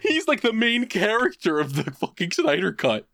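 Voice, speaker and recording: Man, podcast co-host, fairly high voice, dry close sound; casual, swearing storyteller who acts out the quotes. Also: normal speed, no echo. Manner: animated, profane storytelling. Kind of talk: casual chat.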